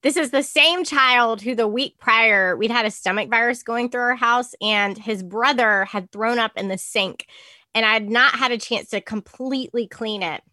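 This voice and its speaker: A woman's voice: a little high, moderate pace, pushed and bright, no room sound. A woman, a guest mom on a casual podcast, telling stories animatedly and acting out her kids.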